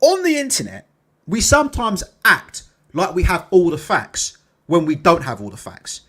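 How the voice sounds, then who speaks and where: A man's voice: high voice, wildly swooping pitch, normal speed, sharp tone, husky. A man hosting a boxing channel, giving casual opinion commentary that is full of rhetorical tag questions, casual swearing and laughter at his own jokes. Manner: rhetorical, keeps tagging questions like "innit?" and "right?". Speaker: boxing YouTube channel host.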